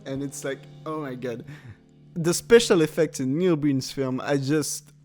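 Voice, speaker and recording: A man's voice: medium pitch, unhurried, darkish tone, soft background music. A man hosting a podcast, rambling casually through a comedic film review with frequent laughs and filler words. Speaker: podcast host.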